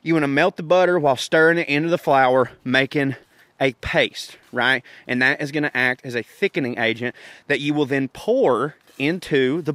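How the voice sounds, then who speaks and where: A man's voice: on the high side, fairly bright tone, no echo. A man, hosting a podcast and talking through a recipe in a rambling, folksy, profane, joking way. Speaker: podcast host. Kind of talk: casual cooking talk.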